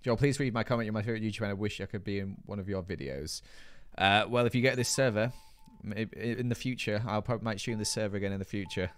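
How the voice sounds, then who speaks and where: A British man hosts a live gaming stream, his fairly low voice smooth and quick. He's chatty and playful, reading viewer comments aloud and trading jokey banter with chat.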